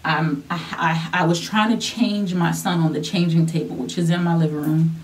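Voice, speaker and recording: Young woman vlogger, casual storyteller, loose and chatty, lowish voice, mic set back. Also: steady tone, normal speed, recorded from a distance. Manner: chatty, repeats herself, many fillers.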